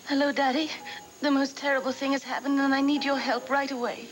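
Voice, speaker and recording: A woman's voice: high voice, level tone, brisk, close to an everyday voice, poor audio. An actress playing a needy young bride-to-be pleading with her father in a soap opera. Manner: pleading and emotional. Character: spoiled young bride, needy and tearful daddy's girl. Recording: music under the dialogue.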